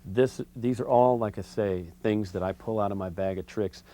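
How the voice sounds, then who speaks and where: Low-voiced man teaching harmonica. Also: moderate pace. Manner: relaxed, conversational, with fillers. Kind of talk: instructional video lesson.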